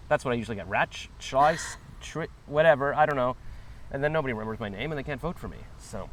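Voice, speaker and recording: A middle-aged man hosts a relaxed podcast chat, riffing and rambling with a jokey, playful bent. His voice sits at an ordinary pitch, and faint traffic hums in the background. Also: fast. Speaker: podcast host. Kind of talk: casual podcast interview.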